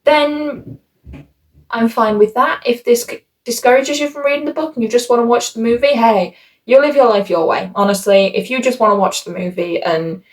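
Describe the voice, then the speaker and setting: A woman reviewing a book on her vlog in a chatty, rambling, self-mocking way, shifting her voice for quoted asides. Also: mid-range voice.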